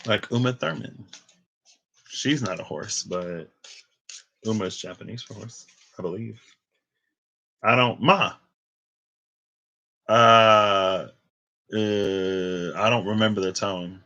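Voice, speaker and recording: A man's voice: lowish voice, takes it slowly, pauses often, bright, forceful tone, lo-fi sound. A man in his twenties giving a casual tarot reading, chatty and rambling off into tangents. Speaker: tarot reader.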